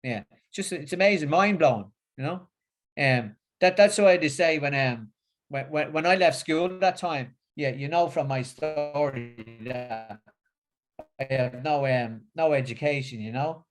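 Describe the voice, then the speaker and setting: A man's voice: on the high side, soft background music. A middle-aged man with a Northern English accent gives a religious talk, then chats casually, often repeating words and using fillers. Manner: halting, with many repeats and fillers. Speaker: religious speaker.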